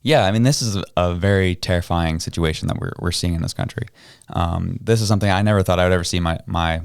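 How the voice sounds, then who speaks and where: A man's voice: low voice, creaky, a little mellow, smooth, no echo, studio quality. A male podcast host, giving heated, emphatic political opinions.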